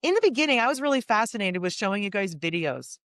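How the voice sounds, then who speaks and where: A woman's voice: mid-range voice, fast, dry recording. American woman, interview host, chatty, dry close mic. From United States. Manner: candid, talkative, animated storytelling. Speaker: host, real estate business owner. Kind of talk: video interview.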